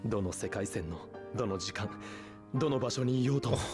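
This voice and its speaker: An intense young anime scientist, voiced by a man, talks in rapid, low, insistent bursts. He presses his point with earnest conviction. Clear soundtrack music runs beneath him. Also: close to an everyday voice. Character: intense young male scientist confessing love. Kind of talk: Japanese anime dialogue.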